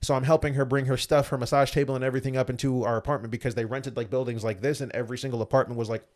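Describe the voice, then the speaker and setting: A young man, a former Olympic athlete, telling his story as a guest in a casual interview and acting out the dialogue he recalls. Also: mid-range voice. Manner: fast animated retelling, acts out quoted dialogue.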